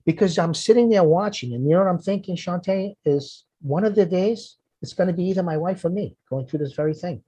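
Earnest, husky-voiced man telling stories. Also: sits high, a little fast, few pauses, dark tone, dry recording. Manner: earnest, repeats words when moved. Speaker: firefighter and author, podcast guest. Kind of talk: emotional personal storytelling.

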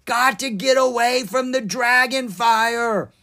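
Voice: mid-range voice, very animated, unhurried, a bit bright, breathy edge, pitched above the performer's own voice, exaggerated voice. A reader voicing a dim, hungry male ogre who cooks and speaks in broken, muddled grammar, in a children's storybook reading. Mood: panicked.

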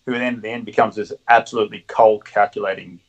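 A man's voice: fairly low pitch, fairly even intonation, fast talker, highs cut off. A middle-aged man, a guest telling blunt, swear-laden stories and laughing along. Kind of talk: casual storytelling.

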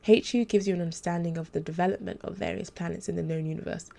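A woman's voice: lowish voice, steady tone, fast talker, gravelly, mellow. A woman reading the part of a troubled young female angel tutor in a formal, hesitant, restrained way. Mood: earnest.

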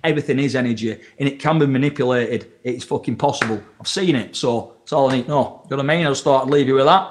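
A man's voice: medium pitch, fast, slight background noise. A man, a podcast guest telling a long story in casual chat, rambling and swearing freely as he acts out the quotes.

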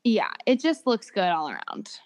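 A woman's voice: mid-range voice, wildly swooping pitch, moderate pace, darkish tone. A young woman co-hosting a podcast, enthusiastic and slangy in casual celebrity chat. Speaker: podcast co-host.

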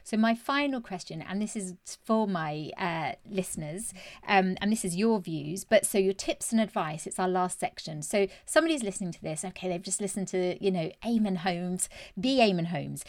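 A woman's voice: medium pitch, animated, moderate pace, no room sound. A woman hosting an interview podcast, asking long, meandering questions in a chatty way. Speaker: podcast host. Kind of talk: casual interview.

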